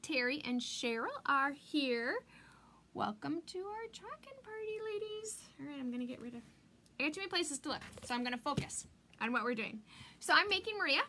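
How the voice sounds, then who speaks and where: A woman's voice: high-pitched, quick pace, bright, forceful tone, slight background noise. A woman hosting a live craft demonstration stream, chatty and bubbly, greeting viewers by name and stretching out words for emphasis. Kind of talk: live craft demo chat.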